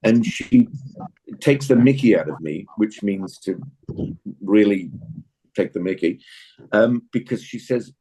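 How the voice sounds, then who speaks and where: A man's voice: on the low side, a little slow, pauses often, warm tone, slightly rough, low-quality recording. An older man with an English accent, teaching an acting class in a chatty, encouraging way and praising his students often.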